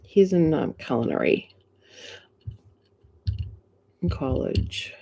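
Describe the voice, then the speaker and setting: A woman's voice: deep voice, expressive, slow, vocal fry, mellow, slight background noise. A middle-aged woman with a Boston accent, hosting a live stream in casual chat, greeting viewers and laughing often.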